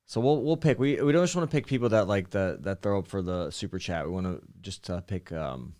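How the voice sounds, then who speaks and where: A man with a very deep voice co-hosts a live podcast. He keeps things easygoing and casual, and he picks out audience questions and reads them aloud. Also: lively intonation, brisk, a little mellow. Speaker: podcast co-host.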